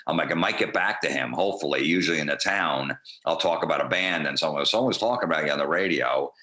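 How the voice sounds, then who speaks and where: A comedian being interviewed, telling rambling, profane, laid-back anecdotes in a casual way. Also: male voice, rumbling low, fast, bright, forceful tone, echoey room. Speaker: comedian guest.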